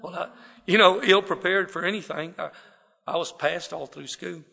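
A man's voice: high-pitched, moderate pace, vocal fry, pushed and bright. A middle-aged man from South Texas with a Texas drawl, telling a folksy, self-deprecating personal story to a live audience. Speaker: speaker sharing his recovery story. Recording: long hall reverb.

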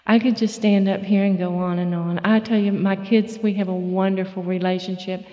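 A middle-aged woman telling her recovery story at a meeting, folksy and halting, full of fillers and restarts. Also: lowish voice, level tone, mellow, in a large hall, dull audio. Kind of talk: personal testimony talk.

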